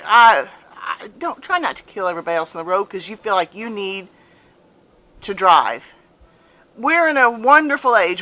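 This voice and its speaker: A woman in her fifties speaks straight to her viewers in a bright, forward voice. She tells her story casually and earnestly, and she leans on repeated phrases to drive her points home. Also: fairly high pitch. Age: 50s. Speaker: vlogger. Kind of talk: casual personal storytelling to camera.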